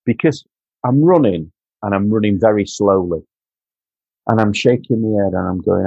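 A man's voice: lowish voice, moderate pace, gravelly, pauses often, warm tone, husky, dry recording, muffled recording. A man from Doncaster with a Yorkshire accent, telling his story as a podcast guest earnestly, repeating himself and calling the host mate. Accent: Yorkshire English. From Doncaster, England. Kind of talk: candid personal storytelling.

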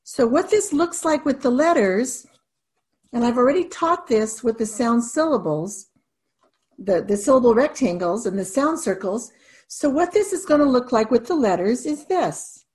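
A woman's voice: fairly high pitch, animated, normal speed, darkish tone. A woman teaching reading, walking through spelling step by step and sounding out letters patiently. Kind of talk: instructional video lesson.

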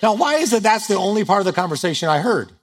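A man's voice: sits high, big pitch swings, quick pace. A man preaching a sermon to a live audience in a humorous, conversational way, joking at his own expense. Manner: humorous, conversational, self-deprecating. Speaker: pastor. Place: stage before a live audience.

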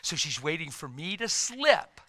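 Animated bright-voiced preacher man. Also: fairly high pitch, measured pace. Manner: animated, swings from loud to hushed, acts out quotes. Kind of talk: sermon storytelling.

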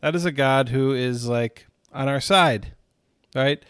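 A man's voice: medium pitch, takes it slowly, a bit bright, clean tone, no echo, clean studio sound. A man leading a recorded Bible study, teaching in an earnest, conversational way with frequent asides to his listeners.

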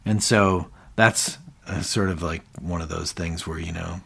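A man with a fairly low voice recapping a show on a casual podcast. He retells scenes with animation, jumping into quoted lines and trailing into fillers as he goes. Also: steady tone, a little slow, gravelly, fairly bright tone, breathy edge. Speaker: podcast co-host.

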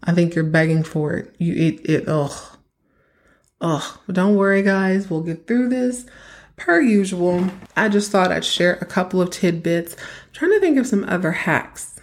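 A young woman from Texas talks through a solo podcast episode in a loose, chatty way, leaning hard on her advice to the listeners. Her voice sits a little low for a woman. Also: expressive, measured pace. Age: young adult. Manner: chatty, emphatic, giving advice directly to listeners. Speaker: podcast host. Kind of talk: casual solo podcast monologue.

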